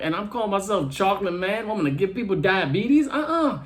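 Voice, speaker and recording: A man's voice: high-pitched, big pitch swings, fairly quick, hardly any pauses. A man doing a brash, slangy stand-up comedy set for an online show.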